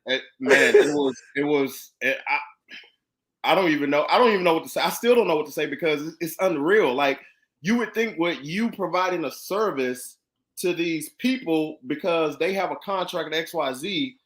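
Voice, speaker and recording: A man's voice: on the high side, normal speed, fairly bright tone. Emphatic man in casual chat. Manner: emphatic, repeats phrases, agrees often. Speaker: co-host who works with the company.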